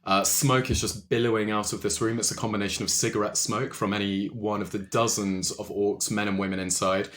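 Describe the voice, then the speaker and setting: A man narrating as game master of a tabletop game, relaxed and descriptive. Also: lowish voice, fairly quick, hardly any pauses.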